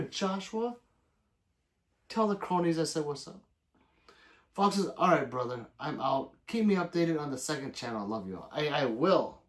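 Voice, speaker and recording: A man hosting a livestream, reading viewer comments aloud in loose, profane casual chat and plugging subscriptions. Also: on the high side. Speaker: livestream host.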